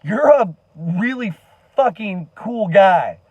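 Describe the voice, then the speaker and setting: A man's voice: high voice, animated, slow, husky, dry recording, lo-fi sound. A man giving an earnest, impassioned monologue to camera as a commentary vlogger, emphatic and swearing now and then.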